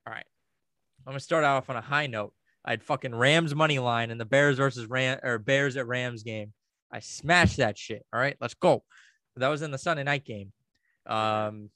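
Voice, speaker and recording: A man co-hosts a podcast in loose, crude banter, swearing freely through jokey rants. His voice sits a bit high for a man, and the sound is dry and close, with no room in it. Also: fairly bright tone, dry recording. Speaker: podcast co-host.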